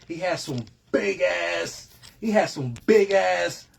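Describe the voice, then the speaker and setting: A man's voice: high voice, takes it slowly, creaky, a little hiss or hum. Streetwise New man telling a story. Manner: streetwise, repeats phrases, heavy slang. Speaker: interview guest. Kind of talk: casual storytelling.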